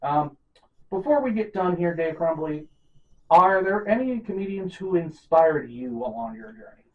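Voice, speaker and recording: A man's voice: fairly high pitch, expressive, normal speed, no room sound, narrow, tinny audio. A man hosting a podcast in casual chat, rambling with many fillers and self-mocking jokes. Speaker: podcast host.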